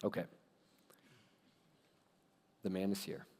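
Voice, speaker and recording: A man pastor giving a conversational sermon, retelling a story in a casual, animated way with lots of "like.". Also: low-pitched, takes it slowly, slightly rough. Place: church sanctuary. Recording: long hall reverb in a church.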